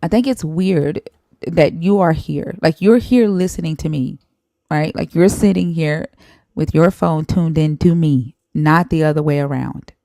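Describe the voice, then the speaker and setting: Young woman streamer going off, swears a lot, low gravelly mellow voice, real blunt and confrontational. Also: measured pace, no room sound, clean studio sound. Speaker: live stream host. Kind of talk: heated live-stream debate.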